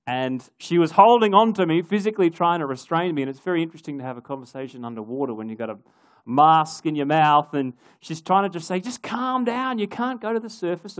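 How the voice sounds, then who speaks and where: A man giving a sermon, telling a personal story with wry, animated asides. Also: on the high side, dry recording, clean studio sound. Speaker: preacher.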